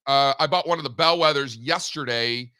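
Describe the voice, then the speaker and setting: A man co-hosting a casual market talk show over a video call, animated and joking, with lots of fillers. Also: medium pitch, normal speed, clean tone.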